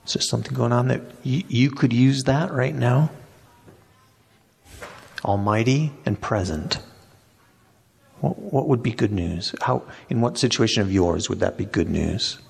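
A man's voice: mid-range voice, unhurried, gravelly, pauses often, breathy edge. A man, a pastor leading an interactive Bible study, who asks the group questions and repeats their answers back to them. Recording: long reverb in a hall.

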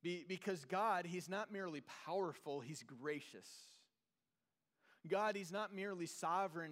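A man preaching in a church, his slightly high voice ringing with a long hall reverb. He talks earnestly, repeats key phrases, and sinks into soft, low tones to drive a point home. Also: measured pace. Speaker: pastor. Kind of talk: sermon.

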